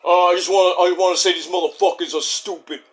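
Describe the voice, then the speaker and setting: A man's voice: high voice, fairly even intonation, quick pace, natural voice. A man doing a crude scythe-wielding friend. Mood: menacing. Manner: crude, blunt, threatening.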